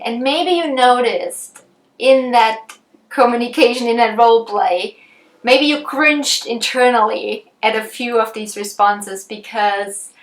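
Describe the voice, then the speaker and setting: A woman explains communication skills in an easygoing teaching tone, pausing on ums and restarting her sentences as she thinks aloud. Her voice sits a little high and she speaks at a slow, unhurried pace. The recording carries a noticeable roomy echo. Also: fairly bright tone. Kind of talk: conversational teaching with examples.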